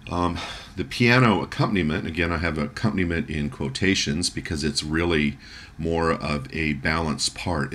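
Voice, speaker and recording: A man giving a music lecture, talking in a halting way with many fillers and restarts as he reads and translates a German poem. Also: extremely low pitch, bright, forceful tone. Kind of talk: recorded lecture.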